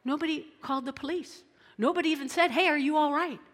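Lady preacher, kinda high voice, lively and chatty sermon, lots of "okay?" checks, long echoey hall sound. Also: fast talker. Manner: animated, checks in with the audience often.

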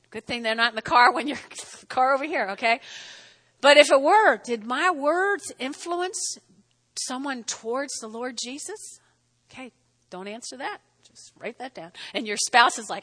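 A woman preaching a sermon in an animated way, often breaking off to ask "okay?" and acting out little scenes. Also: sits high, normal speed. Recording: long hall reverb.

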